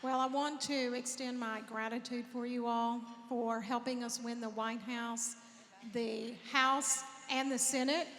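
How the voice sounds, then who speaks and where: Firm high-voiced woman in a large hall. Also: steady tone, measured pace, fairly bright tone. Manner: firm and emphatic. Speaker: panelist. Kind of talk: convention panel talk. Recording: hall reverb with faint noise.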